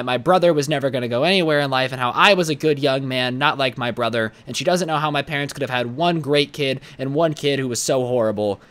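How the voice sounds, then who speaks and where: Blunt young man telling a story. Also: fairly high pitch. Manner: blunt, animated, profane. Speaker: YouTuber. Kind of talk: casual storytime vlog.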